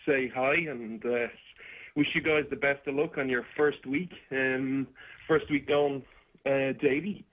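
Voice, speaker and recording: A man's voice: medium pitch, fairly even intonation, measured pace. A man from Ireland with an Irish accent, calling in to a radio show and speaking hesitantly with many fillers. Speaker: caller. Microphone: internet call. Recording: tinny internet call line.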